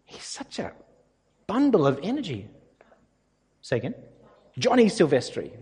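Male pastor, fairly high, husky voice, lively story-driven sermon, echoing hall. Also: measured pace, long pauses. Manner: conversational, anecdotal, animated.

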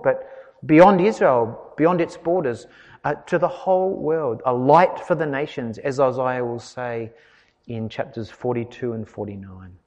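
A man preaching a sermon in an expressive, conversational way, chatting with his congregation as he explains the passage. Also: a little high, long reverb tail. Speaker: pastor.

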